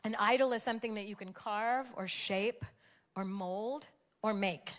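A woman's voice: mid-range voice, measured pace. An older woman giving a conversational sermon, telling a family story with emphatic repetition. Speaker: speaker sharing a devotional message.

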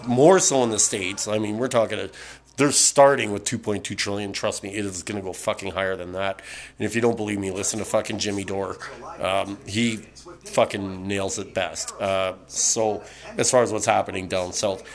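A man's voice: fairly low pitch, steady tone, moderate pace. A middle-aged man from Canada hosting a podcast, ranting casually with lots of swearing, fillers and restarts, a bit tipsy from beer. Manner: profane, rambling, many fillers and restarts. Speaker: podcast host.

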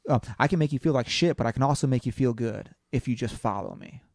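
A man's voice: medium pitch, fast, dry recording. Guy telling a wild story on a podcast, acts out everyone's lines, swears, dry mic. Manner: animated storytelling, acts out quotes, swears, says bro. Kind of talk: casual chat.

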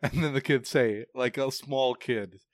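A man in his twenties co-hosts a podcast in an easy, laid-back manner. He speaks slowly in a mid-range voice, recorded close and dry. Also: mid-range voice, no echo. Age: 20s. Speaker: podcast co-host. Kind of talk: casual chat.

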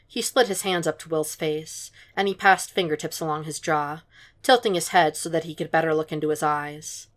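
A woman with a low voice reads a fan fiction story aloud as an audiobook. Her delivery is soft and hushed, slow and careful. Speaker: podfic reader.

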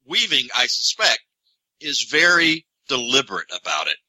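A man's voice: medium pitch, big pitch swings, normal speed, bright, forceful tone, low-quality recording. A man co-hosting a movie podcast, rambling and restarting as he thinks aloud. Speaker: podcast co-host. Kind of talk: casual podcast chat.

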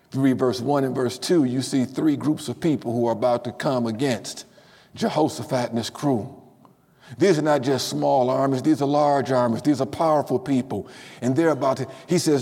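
A man preaching a sermon. He is emphatic, swinging from hushed lines to shouts and repeating key phrases. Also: medium pitch, moderate pace, breathy edge. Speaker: pastor. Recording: long reverb of a large hall.

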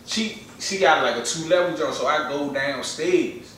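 A man telling a personal story in casual chat, animated and full of slang and repetition. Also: on the high side, moderate pace, slight background noise. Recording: echoey room, far from mic.

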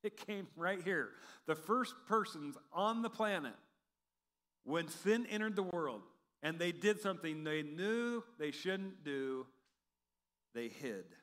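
A man preaching a sermon in an animated, humorous way, acting out quotes from the text. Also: high-pitched, a little slow. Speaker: pastor. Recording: long hall reverb.

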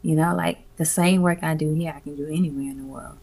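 A woman guest in a casual interview, telling stories in an animated, emphatic way, laughing often and swearing freely. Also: sits low, fast, creaky, husky. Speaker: guest, community music event organizer. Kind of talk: casual conversational storytelling.

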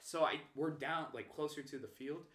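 A young man animatedly telling stories on a casual podcast, laughing often and acting out loud quotes. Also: fairly high pitch, moderate pace, slight background noise. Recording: echoey room.

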